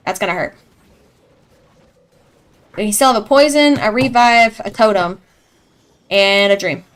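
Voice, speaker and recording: A young woman giving live esports commentary in a chatty, excitable way, reacting loudly to each play. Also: medium pitch, unhurried, smooth. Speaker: esports caster.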